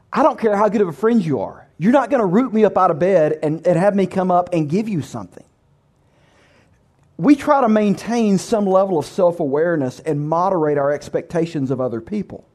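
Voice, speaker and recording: A man's voice: sits high, dark tone. A male pastor preaching a sermon in a conversational, humorous way, with vivid storytelling.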